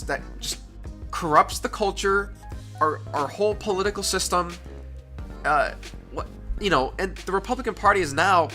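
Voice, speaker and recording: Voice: mid-range voice, sharp tone. A speaker in a played clip, asking exasperated rhetorical questions about politics.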